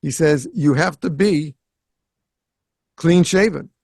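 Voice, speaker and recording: A man who grew up around Boston hosts a conversation, telling his story with a gravelly, slightly raised voice. He slips into the voices of the people he quotes. The sound is close and dry, with no room echo. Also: on the high side, slow pace. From Greater Boston. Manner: animated storyteller who acts out quoted dialogue. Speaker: podcast host. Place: home in South Florida.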